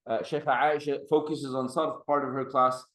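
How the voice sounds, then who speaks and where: A man's voice: mid-range voice, little pitch movement, normal speed, fairly bright tone. A man teaching an Arabic grammar class, patiently explaining and drawing out the endings of Arabic words. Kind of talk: classroom lecture.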